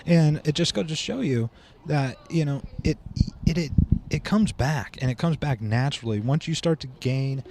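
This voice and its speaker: A man chatting as a podcast guest and drum instructor, telling stories in a lively way and acting out what people said. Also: fairly high pitch, normal speed, hardly any pauses, a little hiss or hum. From Seattle, Washington. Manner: animated storyteller who acts out quoted speech. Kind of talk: casual podcast chat.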